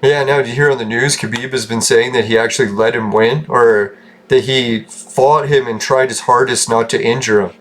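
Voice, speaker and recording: A man's voice: medium pitch, steady tone, moderate pace, slight background noise. Canadian guy rambling over a game, medium voice, cracks jokes and swears, laughs a lot. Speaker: gaming channel host. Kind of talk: casual gameplay commentary.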